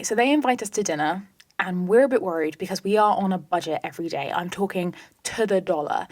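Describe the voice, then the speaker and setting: A woman hosting a podcast, telling a story in a lively, chatty way with whispered asides. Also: on the low side, no echo, clean studio sound. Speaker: podcast host. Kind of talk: casual storytelling monologue.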